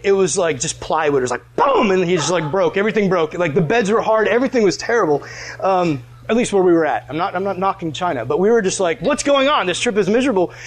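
A man preaching a casual storytelling sermon, chatty and animated, full of "like" fillers. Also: sits high. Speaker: pastor.

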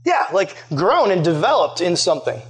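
A young man with a notably high voice preaches to a youth group in a loose, chatty way. He sprinkles in "like" constantly and throws questions out to his listeners. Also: big pitch swings, normal speed. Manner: chatty, loaded with "like" fillers, conversational. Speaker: youth pastor. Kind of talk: casual sermon with audience questions.

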